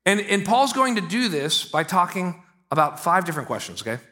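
Man preaching, high voice, bright tone, animated, chatty asides to the congregation. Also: fairly quick. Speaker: pastor. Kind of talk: sermon.

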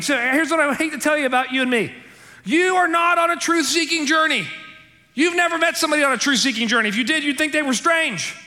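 A man preaching to his congregation in a high, bright voice. He talks in a chatty, emphatic way and keeps checking in with "okay?" and "right?". The sound carries the long reverb of a church hall. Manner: conversational, emphatic, frequent "okay?" and "right?" asides. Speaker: pastor. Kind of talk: sermon. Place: church sanctuary.

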